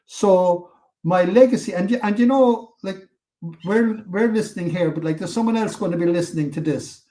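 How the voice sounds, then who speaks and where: Older Irish man, Cork accent, lively raconteur with a slightly raised voice; a guest who acts out every scene. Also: sits high, moderate pace. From Ireland. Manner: animated, acts out quotes, swears freely. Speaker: podcast guest. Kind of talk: storytelling interview.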